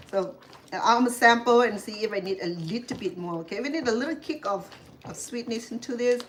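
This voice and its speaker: A woman's voice: fairly high pitch, fairly quick, background noise. A woman from Cambodia hosting a casual home cooking demonstration, talking in rambling asides with many fillers and restarts. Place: home kitchen. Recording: clear kitchen clatter behind the voice. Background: clatter of dishes, pots and pans.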